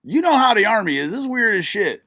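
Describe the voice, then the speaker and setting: A man's voice: high voice, very animated, quick pace, pushed and bright, no room sound, clean studio sound. Mocking, swearing male streamer. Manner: mocking, swearing, frequent laughing. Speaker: streamer reacting to a live video. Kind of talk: profane reaction commentary.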